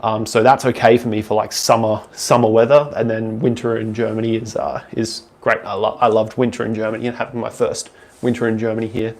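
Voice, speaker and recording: A man's voice: fairly low pitch, flat delivery, brisk, darkish tone. A young Australian man with an Australian accent, casually answering viewer questions on a live stream in a loose, rambling way, full of ums and restarts.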